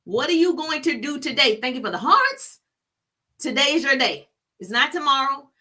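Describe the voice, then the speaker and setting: Middle-aged woman coaching live, bright sharp voice, punchy and repetitive. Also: high-pitched, normal speed. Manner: animated, preachy, repeats phrases for emphasis. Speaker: business coach. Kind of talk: live-stream coaching talk.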